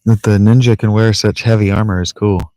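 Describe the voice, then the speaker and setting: Rambling low-voiced man streaming a game. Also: fairly even intonation, a little fast, dark tone, dry recording. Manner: rambling, joking self-talk with playful mispronunciations. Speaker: let's play streamer. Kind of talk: casual gameplay commentary. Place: in a tent, lying in a sleeping bag.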